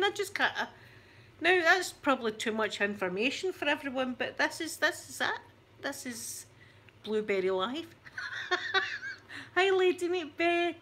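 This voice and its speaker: Bright-voiced Scottish woman chatting to camera. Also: on the high side. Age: 40s. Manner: rambling and self-mocking. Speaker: YouTuber.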